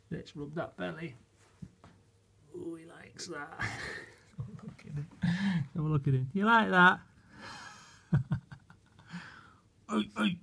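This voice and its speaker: Male vlogger, raised voice, gravelly, dotes on his pets. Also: high-pitched, fairly bright tone. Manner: doting baby talk to pets, chuckling often. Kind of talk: casual vlog talking to his puppies. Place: at home indoors.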